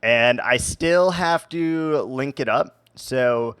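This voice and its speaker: A man's voice: medium pitch, takes it slowly, fairly bright tone, clean tone, no room sound, clean studio sound. A man streaming a game live, talking in a playful, rambling, jokey way.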